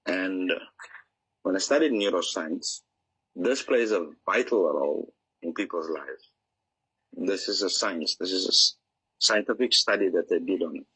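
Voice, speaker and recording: A man's voice: deep voice, animated, measured pace, pauses often, pushed and bright, breathy edge, poor audio. A man being interviewed as an author, explaining his ideas in an earnest, teaching manner and acting out examples. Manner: earnest, explanatory, acts out inner voices. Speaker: author guest.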